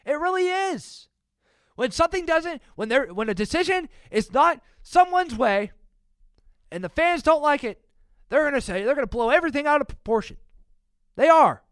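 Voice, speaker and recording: A man with a strikingly high voice hosts a solo sports podcast. He rants in an exasperated, heated way and breaks into loud outbursts. The sound is dry and close, with no room echo. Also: lively intonation, normal speed. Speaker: podcast host.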